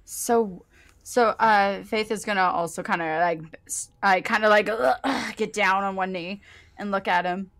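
A woman's voice: mid-range voice, a little slow, fairly bright tone. A woman playing a tabletop game, talking bluntly and casually, often trailing off. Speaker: player. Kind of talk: tabletop role-play.

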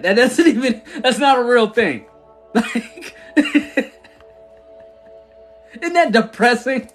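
A man who founded a church chats casually on a livestream, answering viewers with slangy talk and frequent laughter. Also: high voice.

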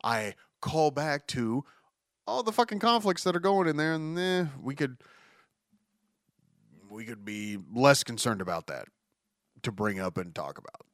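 A man's voice: mid-range voice, big pitch swings, unhurried, pauses often, fairly bright tone, no room sound, clean studio sound. A man hosting a solo podcast, reading news and ranting about it in a profane, exasperated way, often restarting his sentences. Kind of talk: casual news commentary.

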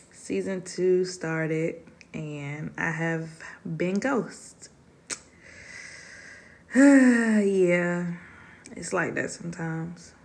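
A woman's voice: lowish voice, vocal fry. A woman hosting a solo podcast from her dining room, talking candidly and heartfelt to her listeners. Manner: heartfelt, confiding, addresses listeners as y'all. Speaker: podcast host.

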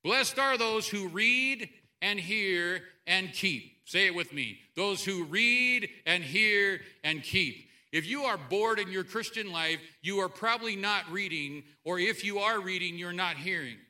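Male pastor, high bright voice, lively sermon delivery with sudden loud bursts and soft asides. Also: measured pace, few pauses. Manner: animated, jumps between loud outbursts and quiet asides. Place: church sanctuary.

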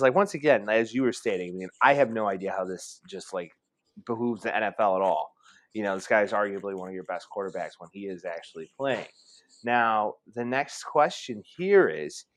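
A man co-hosting a sports podcast in casual chat, rambling, joking and swearing. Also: medium pitch. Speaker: podcast co-host.

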